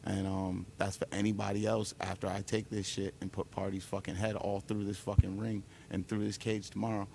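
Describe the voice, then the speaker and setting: A fighter at a press conference, his voice sitting low with a rough, gravelly fry. He talks trash in a brash, profane way, boasting and taunting his opponent. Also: level tone, brisk, darkish tone, slight background noise. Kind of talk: trash talk.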